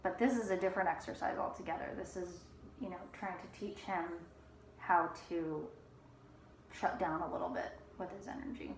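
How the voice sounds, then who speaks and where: A woman dog trainer explaining calm training in a relaxed, soft-spoken way, sometimes dropping to a whisper. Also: on the low side, normal speed. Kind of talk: casual instructional talk while training a dog. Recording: echoey room with faint ambient noise.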